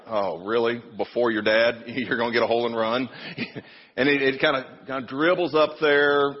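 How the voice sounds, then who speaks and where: Husky storytelling pastor in a hall. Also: male voice, mid-range voice. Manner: storytelling, self-deprecating. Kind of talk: sermon. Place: church. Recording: dull sound in a reverberant hall.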